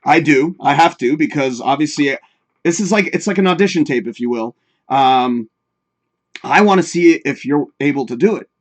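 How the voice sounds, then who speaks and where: A man's voice: on the high side, normal speed. A man hosting a live talk show in casual, rambling chat, swearing freely and talking straight to his viewers.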